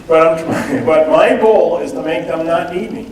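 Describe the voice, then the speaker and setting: A man's voice: fairly high pitch, unhurried, hardly any pauses, a little mellow, slight background noise. A man giving a conversational public talk, often checking in with the audience with "okay?" and "right?". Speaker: lecturer. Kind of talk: public talk on cultural differences. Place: event hall. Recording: roomy sound from a distant mic.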